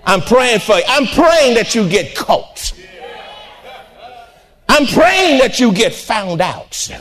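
A very high-voiced older man preaching a fervent sermon in church. His pitch swings widely as he moves from quiet, intimate asides to shouted peaks, and he trades call-and-response with the congregation. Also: sing-song, slow. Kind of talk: impassioned sermon.

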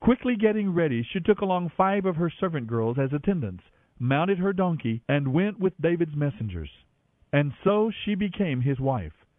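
A man reading scripture aloud on a radio show in steady, measured narration. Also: a little high, no room sound. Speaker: Bible reader on radio. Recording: dry, tinny phone-like radio sound.

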